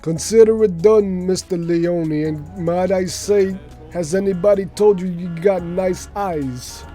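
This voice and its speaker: A brash, loud Italian-American wise guy with a thick New York accent, as a streamer puts him on, pitched noticeably higher than an ordinary man's voice. He rambles through stories in a jokey, boastful way. Faint music plays underneath. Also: unhurried. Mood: mock-flirty.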